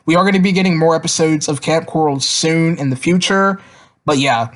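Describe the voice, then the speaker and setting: A man's voice: fairly high pitch, fairly quick, fairly bright tone. A man casually reviewing cartoon episodes, rambling with lots of fillers and repeated words.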